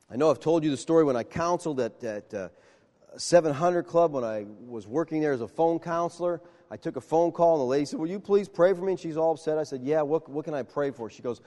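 A man preaching a sermon, telling stories with animated acted-out dialogue. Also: a little high, big-room sound. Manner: animated storytelling, acts out dialogue. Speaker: pastor.

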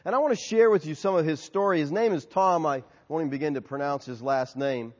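A pastor delivering a conversational sermon to his congregation, telling stories and sometimes acting out shouted lines. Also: fairly high pitch, fast talker. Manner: conversational, storytelling with acted-out shouts. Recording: dull, lo-fi audio with long hall reverb.

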